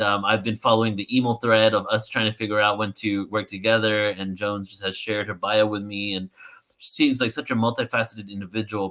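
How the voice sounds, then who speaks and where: A man co-hosting a live stream, with a lowish voice that has a bright, forward edge. He chats in a casual, easygoing way and drops in fillers as he goes. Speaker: co-host.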